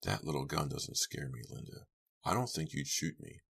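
A man's voice: extremely low pitch, big pitch swings, moderate pace, vocal fry, a bit bright, breathy edge, full character voice. A man reading the part of a threatening man who mutters and then pleads. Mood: menacing, pleading. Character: menacing man with a chainsaw, turning fearful.

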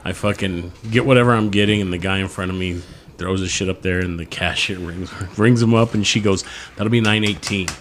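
A man's voice: sits low, fairly quick, slight background noise. A man co-hosting a podcast, telling stories in casual profane chat, laughing and acting out the people in them. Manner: laughing storyteller, acts out voices. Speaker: podcast co-host.

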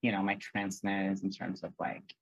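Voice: low-pitched, little pitch movement, moderate pace, vocal fry, dry recording, lo-fi sound. A guest artist talking in a casual interview, earnest and rambling, with lots of "like" and "um.".

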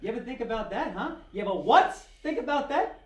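A man's voice: mid-range voice, moderate pace, dark tone, echoey room, pitched below the performer's own voice, lightly acted. A man doing an impression of a whining, resentful younger brother from a crime family. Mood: aggrieved. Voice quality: pleading, rising voice. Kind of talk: film scene impression.

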